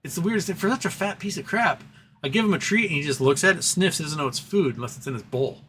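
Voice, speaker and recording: A man hosts a casual livestream, reading chat aloud, rambling from topic to topic and baby-talking to his cat. His voice is fairly high and fairly bright, with lively intonation, and he talks fast. There is slight background noise.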